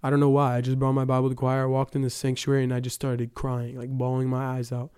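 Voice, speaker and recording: A young man tells his church testimony in a relaxed, rambling way, leaning on fillers and retelling conversations. His voice is smooth and mellow, with little rise and fall. The sound is close and dry. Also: mid-range voice, quick pace, no echo. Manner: casual, storytelling with many fillers. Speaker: church youth member giving testimony. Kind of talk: personal testimony.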